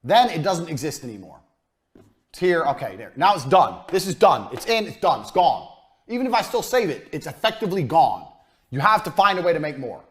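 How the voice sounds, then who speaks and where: A man giving a blunt, profane business lesson as a coach, mocking and forceful in his delivery. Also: fairly high pitch, very animated, fairly quick.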